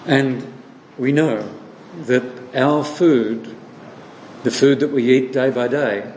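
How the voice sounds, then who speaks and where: A man preaching a sermon slowly and deliberately, posing questions to his listeners and answering them himself. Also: mid-range voice, a little mellow. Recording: echoey hall with long reverb, faint noise.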